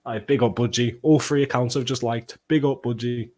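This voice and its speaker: A young man hosting a football watchalong livestream, bantering and swearing as he reads out chat comments, with bursts of excited play-by-play. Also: mid-range voice, moderate pace. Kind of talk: casual livestream chat and match reaction.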